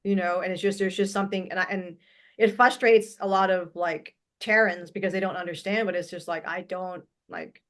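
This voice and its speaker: A woman hosting a casual conversation, speaking haltingly and letting her sentences trail off into quiet. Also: on the low side, steady tone. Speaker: host.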